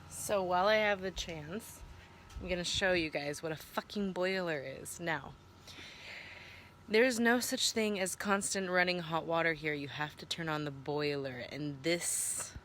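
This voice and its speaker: A woman's voice: fairly low pitch, unhurried, a bit bright, slight background noise. A woman from Southern California, vlogging casually at home, who is playful and chatty, swears freely and coos in baby talk to her pets.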